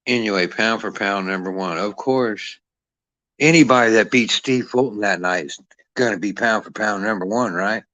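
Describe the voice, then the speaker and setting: Grumpy middle-aged guy cussing up a storm about boxing, lowish voice, dead dry sound. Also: moderate pace, fairly bright tone, no echo. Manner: cantankerous, foul-mouthed, mocking. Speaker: boxing commentator. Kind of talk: profane ranting commentary.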